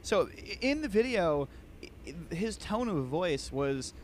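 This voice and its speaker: A man's voice: sits high, sing-song, unhurried, slight background noise. A man talking as a guest on a casual podcast, chatty and full of restarts. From United States.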